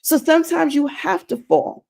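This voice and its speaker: A woman talks straight to her viewers in a faith-based live stream, earnest and a little preachy. She keeps circling back to her point and repeats it for weight. Her voice sits fairly high with a gravelly, creaky edge. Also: moderate pace, mellow. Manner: addresses viewers directly. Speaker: inspirational streamer.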